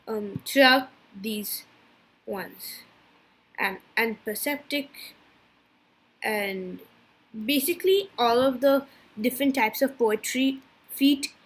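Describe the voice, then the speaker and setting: A woman giving a class presentation from slides, halting and stumbling over technical terms. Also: fairly high pitch, fairly bright tone, slightly rough. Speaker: student presenter.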